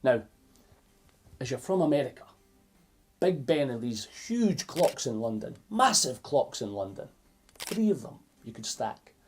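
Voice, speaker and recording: A man with a Scottish accent reads a picture book aloud to children in an animated, playful way, stopping to explain words for his young listeners. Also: mid-range voice, unhurried, pauses often, slightly rough. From Scotland. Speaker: children's storyteller.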